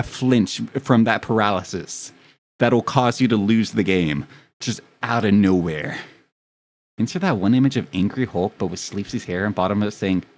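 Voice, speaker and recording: Young man rambling on a stream, low voice. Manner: rambling, profane, self-mocking storytelling. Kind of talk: casual chat with a live stream audience.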